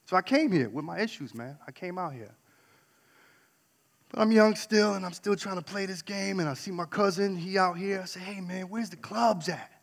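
A man from New York telling a candid personal story on stage, swinging between loud outbursts and hushed asides. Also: high voice, moderate pace, creaky. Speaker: speaker. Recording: long hall reverb.

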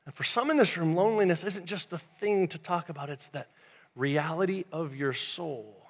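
Guy preaching in church, higher voice, big swings loud to quiet, storytelling. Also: normal speed. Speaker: pastor. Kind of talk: sermon. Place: church sanctuary.

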